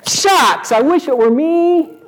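A man's voice: very high voice, animated, slow pace, voice pushed up, exaggerated voice. A man voicing a crowd of onlookers who gush in a folksy, sing-song way. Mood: mock-gushing. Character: gushing mocking crowd of onlookers, mixed adults.

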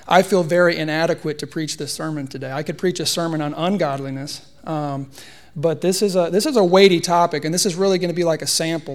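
A man in his thirties giving a conversational, humorous sermon in a church, telling a personal story. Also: a little high. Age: 30s. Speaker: preacher.

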